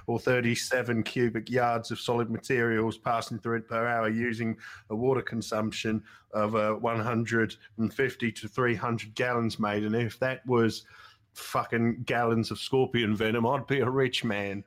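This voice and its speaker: A man's voice: medium pitch, little pitch movement, moderate pace, fairly bright tone, close to an everyday voice. A man doing an Australian gold prospector in an improvised comedy sketch, swearing and reeling off mining-gear figures. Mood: banter. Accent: Australian, put on. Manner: swearing, reels off technical figures, laughs at the banter. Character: crude male Australian gold prospector, fond of machine specs. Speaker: podcast co-host.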